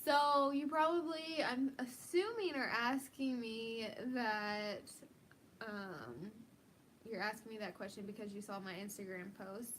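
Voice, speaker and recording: A woman's voice: a little high, a little slow, fairly bright tone, slight background noise. A woman co-hosting a live stream, chatting casually and giggling as she answers viewer questions. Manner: chatty, giggly, uses many likes.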